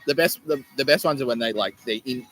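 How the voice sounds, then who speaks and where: A man hosts his own podcast, rambling casually to his camera while joking, swearing and laughing often. His medium-pitched voice is fast and fairly bright, in a low-quality recording.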